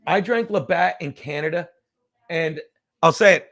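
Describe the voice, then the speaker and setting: Chatting loosely on a livestream from home, a man in his fifties speaks with a high-for-a-man, fairly bright voice touched by vocal fry, a little slowly. He rambles, swears freely, drinks, and laughs between thoughts, now and then dropping into a whisper.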